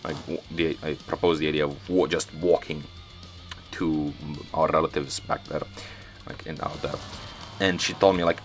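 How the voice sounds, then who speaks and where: Deep-voiced man rambling through a story. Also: steady tone, normal speed, soft background music. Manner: rambling, self-correcting, frequent restarts. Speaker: strategy game let's-play host. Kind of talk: casual storytelling over gameplay.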